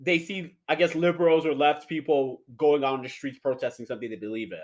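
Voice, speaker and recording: A young man co-hosting a casual podcast chat over a video call, loud and excitable, swearing freely. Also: fairly high pitch, quick pace. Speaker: podcast co-host. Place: Denver, Colorado.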